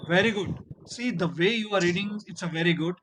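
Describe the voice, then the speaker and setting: Male teacher, high voice, encouraging and firm, classroom delivery. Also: brisk, noisy background. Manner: encouraging, repeats praise and "you know"; firm about turn-taking. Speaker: English teacher. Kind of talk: online classroom lesson.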